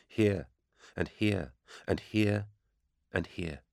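A man voicing a gentle, sorrowful female saint who speaks softly and solemnly. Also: low-pitched, very slow, gravelly, no room sound, studio quality, exaggerated voice. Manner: soft, hushed and solemn.

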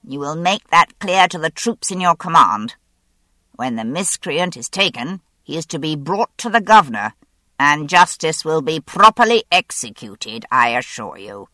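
Fussy, querulous old naval admiral voiced by a woman narrator, pompous, low-pitched read, dry close sound. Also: very animated, unhurried, pushed and bright, no room sound, exaggerated voice. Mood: stern. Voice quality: high, querulous. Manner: pompous, hoarse-whispering. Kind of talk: audiobook character voice.

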